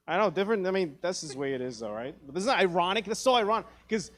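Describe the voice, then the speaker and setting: A man's voice: high voice, expressive, fast talker. A man in his thirties from Taiwan, performing a stand-up comedy set on a theatre stage, profane and self-deprecating, acting out quoted dialogue. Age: 30s.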